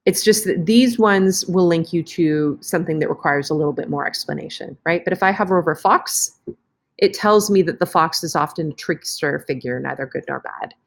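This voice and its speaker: A woman teacher walks students through an online lesson while recording her screen. Her voice sits a little low, and she keeps it casual and chatty, breaking off to fix a slip as she clicks. It sounds like a computer mic at a desk. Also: moderate pace, creaky.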